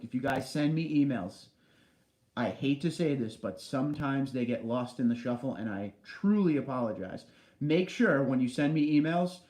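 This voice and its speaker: In a big basement room that gives his voice a noticeable echo, a man runs a laid-back livestream. Speaking at a typical middle pitch, he chats easily, reading out comments from viewers and responding to each.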